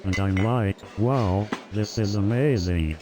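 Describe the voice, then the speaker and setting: A man's voice: on the low side, takes it slowly, background noise. A synthetic man's voice telling a stand-up comedy routine, rattling off one-liners with chuckles. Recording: loud crowd and music behind.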